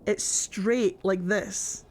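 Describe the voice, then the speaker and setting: A woman's voice: mid-range voice, fairly even intonation, very slow, a little mellow. Chatty woman streaming a game. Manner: chatty, goofy, rambling. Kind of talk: casual gameplay commentary. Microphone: desk microphone.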